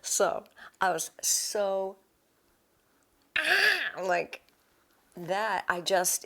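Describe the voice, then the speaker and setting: A woman's voice: mid-range voice, sing-song, drawn-out words, long pauses, pushed and bright. A woman voice actress recalling her casting in a wry, candid manner during a retrospective interview.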